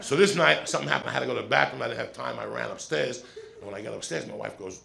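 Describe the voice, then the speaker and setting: A middle-aged man doing stand-up, telling a long story in a profane, animated way and checking in with the crowd with quick "right?" asides. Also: mid-range voice, slight background noise. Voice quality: gravelly. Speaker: stand-up comedian. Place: comedy stage with audience.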